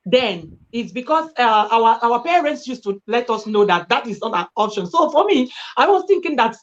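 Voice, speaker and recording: A woman's voice: a little high, sing-song, moderate pace, muffled recording. A woman, reflecting on her views on a live-stream panel. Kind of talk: casual live-stream discussion.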